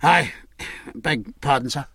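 Nervous young lieutenant, deferential, voiced by a man, husky tone. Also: medium pitch, slow pace, bright, forceful tone, dry recording, clean studio sound, exaggerated voice. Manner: hesitant, respectful.

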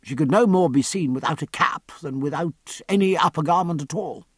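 A man narrating a period novel as an audiobook, measured and even in his storytelling. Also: a little high, slightly rough, dry recording.

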